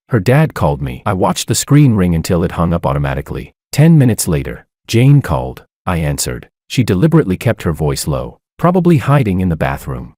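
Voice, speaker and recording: Deep-voiced man narrating a drama story. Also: darkish tone, dry recording, studio quality. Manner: cool, detached first-person telling.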